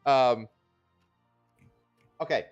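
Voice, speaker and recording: A man's voice: mid-range voice, drawn-out words, clear, resonant tone, lo-fi sound, faint music behind. A man co-hosting a podcast, reading news stories in a loose, joking way and laughing often. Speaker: podcast co-host. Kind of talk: casual news chat.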